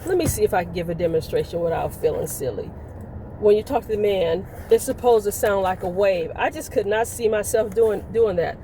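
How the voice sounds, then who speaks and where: A woman's voice: medium pitch, brisk, warm tone, a little hiss or hum, low-quality recording. A woman in her sixties vlogging, telling stories in a chatty, playful way and laughing as she goes. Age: 60s. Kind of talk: casual storytelling to camera.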